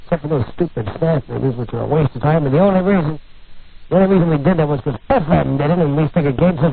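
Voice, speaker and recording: A man's voice: on the high side, quick pace, creaky, a crowd in the background. A male radio talk show host in a studio, teasing and rambling through brash, irreverent banter. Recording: phone-like narrow radio broadcast.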